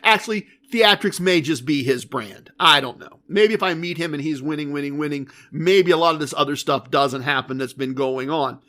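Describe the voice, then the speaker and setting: A man hosting a podcast, telling a story in a casual, animated and emphatic way. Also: on the high side, moderate pace, hardly any pauses. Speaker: podcast host.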